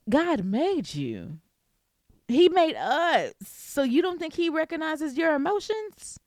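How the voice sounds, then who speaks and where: A woman vlogger giving a casual faith talk, lively and playful, speaking straight to the viewer. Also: high voice, takes it slowly, dry recording, studio quality.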